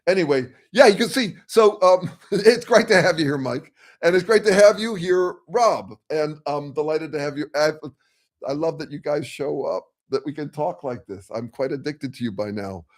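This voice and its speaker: Older male host, rambling frank style, a touch high-voiced. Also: lively intonation, moderate pace. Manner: rambling, frank, swears, restarts mid-phrase. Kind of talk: casual discussion on a video call.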